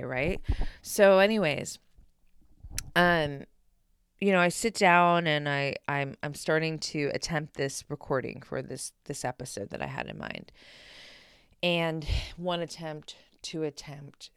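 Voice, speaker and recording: A woman's voice: extremely low pitch, clear, resonant tone, dry recording, clean studio sound. A young adult woman hosting a solo podcast, talking candidly and energetically, swearing freely and speaking straight to her listeners. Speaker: podcast host. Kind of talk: casual solo podcast monologue.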